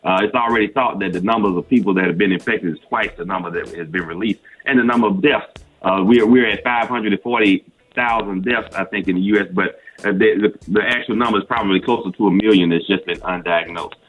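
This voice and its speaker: A man giving health advice as a doctor guest on morning radio, measured and explanatory with some hesitations. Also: fairly low pitch, fairly bright tone. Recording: dull lo-fi line.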